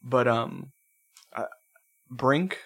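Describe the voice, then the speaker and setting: A man's voice: medium pitch, drawn-out words, gravelly, a bit bright. A man co-hosting a casual chat, telling rambling stories with swearing and frequent laughter.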